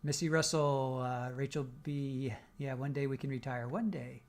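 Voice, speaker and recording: A man's voice: mid-range voice, moderate pace. Joking man reading chat. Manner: joking, teasing, laughs often. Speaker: livestream host. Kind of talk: casual chat reading viewer comments.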